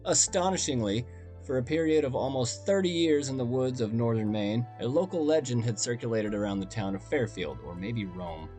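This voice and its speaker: A man's voice: mid-range voice, moderate pace, warm tone, soft background music. A man hosting a storytelling podcast, talking in a conversational, wry and self-deprecating way. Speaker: podcast host and narrator.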